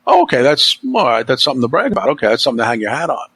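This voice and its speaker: A man's voice: fairly high pitch, very animated, rapid-fire, fairly bright tone, slightly rough, dry recording, rough recording. A middle-aged man hosting a podcast in casual chat, blunt and opinionated, swearing freely. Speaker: podcast host.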